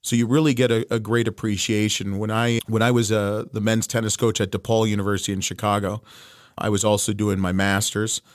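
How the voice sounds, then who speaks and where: A middle-aged man with a Canadian accent chats as an interview guest, his voice sitting a little low. He tells stories freely, doubling back on his words and adding asides. The sound is dry and close. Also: flat delivery, fairly quick, no echo. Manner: chatty storyteller, frequent restarts and asides. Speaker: guest, wine distributor. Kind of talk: casual interview chat.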